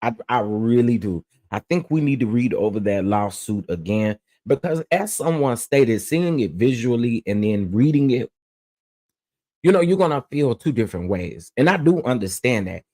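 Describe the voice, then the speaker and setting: A man's voice: mid-range voice, animated, normal speed, warm tone. A man hosting his own commentary channel, ranting bluntly and emphatically and repeating phrases to press his point.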